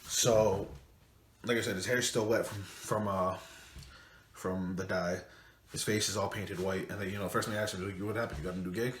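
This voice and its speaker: Late at night in a room at home, a man who reviews movies casually recaps a film, wandering through the plot and swearing now and then. His fairly low voice has little pitch movement and a moderate pace, and the echoey recording carries a faint noise.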